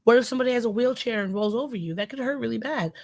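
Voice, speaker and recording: A woman's voice: a little high, very fast, a little mellow, no room sound. A woman co-hosting a podcast in casual chat, asking curious questions and laughing easily. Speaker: podcast co-host.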